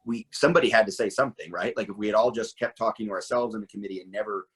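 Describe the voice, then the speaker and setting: A middle-aged man guest speaks in a low, slightly husky voice. He talks in an animated conversational way, piling up asides and rhetorical questions as he explains. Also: rapid-fire, rough recording. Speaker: interview guest, firearms trainer.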